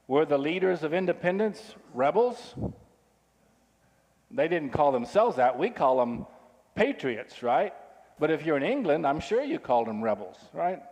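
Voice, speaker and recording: Giving his sermon in an easy, conversational manner, a pastor keeps asking the audience questions. His voice is a little high for a man and a little mellow. Long reverb from the hall trails after what he says.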